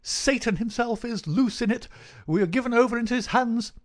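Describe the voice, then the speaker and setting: A man voicing an excitable male country vicar who cries out in agitation, in an audiobook reading. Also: extremely high pitch, brisk, voice pushed up. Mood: frantic. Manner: agitated, crying out. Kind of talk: audiobook character voice.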